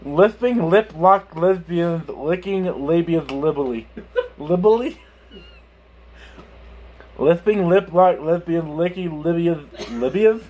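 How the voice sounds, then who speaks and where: A man's voice: fairly high pitch, takes it slowly, a little mellow. A young man chatting casually on his vlog, speaking with a lisp from a burned tongue, laughing and swearing as he stumbles over words. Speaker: YouTuber.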